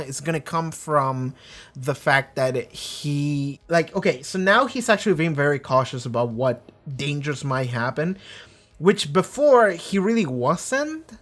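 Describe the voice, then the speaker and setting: A reaction channel host in a casual episode discussion, rambling with lots of filler, swearing freely, and briefly acting out characters' lines. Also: medium pitch.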